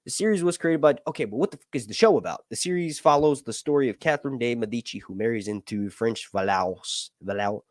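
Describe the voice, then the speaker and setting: A young man hosting a casual live stream, chatting with viewers in a jokey, animated way and swearing casually. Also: mid-range voice, a little fast, hardly any pauses, dry recording, clean studio sound. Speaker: YouTube host reading viewer chat.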